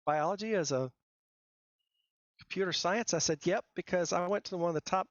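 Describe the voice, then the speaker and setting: A middle-aged man, a software engineer guest, telling his career story in a casual, rambling, self-deprecating way with many fillers and restarts. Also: high-pitched, moderate pace, no room sound. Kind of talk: casual interview talk. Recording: dull dry lo-fi sound.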